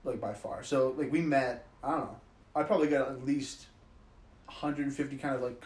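A man co-hosting a podcast in excitable casual chat, swearing and laughing often. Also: mid-range voice, moderate pace. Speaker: podcast co-host. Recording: echoey room.

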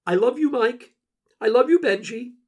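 A man voicing a shy, affectionate little boy in a high, sweet, childlike voice, read within a memoir audiobook. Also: moderate pace, darkish tone. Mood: tender.

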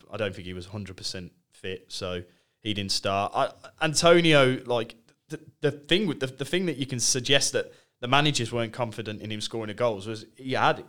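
A man's voice: fairly low pitch, fairly bright tone. A man co-hosting a football podcast, chatty and opinionated, often stumbling over his first words. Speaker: podcast co-host. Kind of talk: casual football chat.

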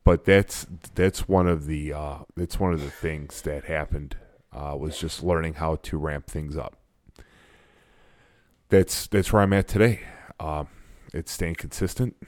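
A man's voice: very deep voice, measured pace, a little mellow, no room sound, clean studio sound. A man in his forties, a guest in a casual interview, talking in a blunt and emphatic way. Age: 40s. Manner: blunt and emphatic, self-described sarcastic.

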